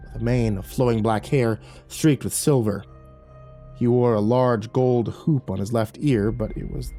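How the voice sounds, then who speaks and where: Dark-toned man narrating a horror story. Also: medium pitch. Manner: measured storytelling.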